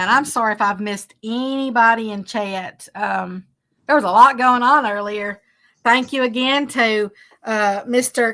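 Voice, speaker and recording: A woman, a bit hoarse, hosting a casual livestream and chatting along with many fillers as she thanks viewers. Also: a little high, fairly bright tone. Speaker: livestream host.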